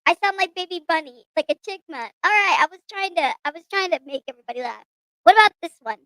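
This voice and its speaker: A woman livestream host speaking through a voice changer that makes her sound like a squeaky chipmunk or baby, laughing as she tests it on her chat. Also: animated, quick pace, a bit bright, dry recording, rough recording. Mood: playful. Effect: squeaky voice changer filter.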